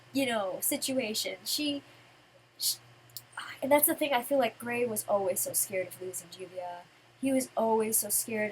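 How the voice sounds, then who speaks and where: Excitable young-sounding woman rambling about a comic. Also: on the high side, slight background noise, rough recording. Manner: emotional, rambling, many restarts. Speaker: manga reviewer. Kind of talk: casual fan commentary.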